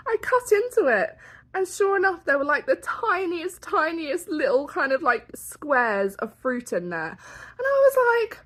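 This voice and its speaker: A British woman vlogging from her hotel room, ranting in an exasperated, animated way and laughing between complaints. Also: very high-pitched, normal speed. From Britain. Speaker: travel vlogger. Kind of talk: casual vlog rant.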